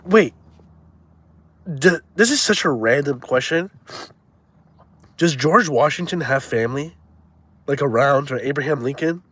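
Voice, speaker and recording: A man's voice: fairly high pitch, lively intonation, a little slow, long pauses, a bit bright, breathy edge, no echo. Slangy young guy streaming. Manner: loose, crude slang-heavy banter. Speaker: live streamer. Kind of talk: casual chat.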